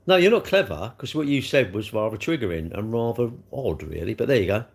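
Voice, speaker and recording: A man's voice: mid-range voice, animated, fast, few pauses. An older man, hosting a casual livestream, chatting in a rambling, blunt way while he answers viewer comments. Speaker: livestream host.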